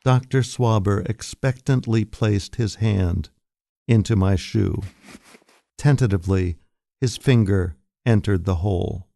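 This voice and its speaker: A man reading a short story aloud in a slow, deliberate, wry manner, recorded at a studio microphone. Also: on the low side, creaky, dark tone, dry recording. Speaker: reader. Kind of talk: scripted narration of short fiction.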